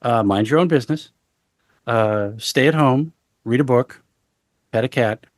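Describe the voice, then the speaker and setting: A man as an interview guest, talking casually in a halting way with many fillers and deadpan jokes. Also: mid-range voice, no echo, studio quality. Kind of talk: casual conversation.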